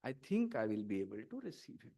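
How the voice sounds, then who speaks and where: A man with an Indian English accent voicing a calm, wise god in a told story. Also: lowish voice, fast talker, voice pushed down, heavily acted.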